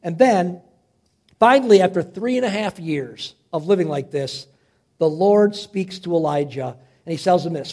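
A man preaching, dramatically retelling a Bible story, swinging from loud to hushed. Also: sits high, expressive, measured pace. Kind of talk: animated Bible storytelling sermon.

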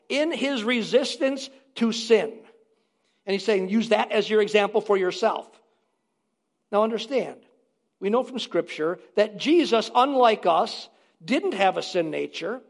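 A man preaching a sermon as a pastor, emphatic and repeating phrases for stress. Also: sits high.

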